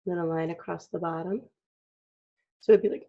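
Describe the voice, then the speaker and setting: Casting: low, husky woman teacher, frog in her throat, chatty and clearing her throat; dull lo-fi recording. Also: steady tone, moderate pace, warm tone. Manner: chatty, clears throat often, acts out expressions. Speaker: drawing teacher. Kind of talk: casual drawing tutorial.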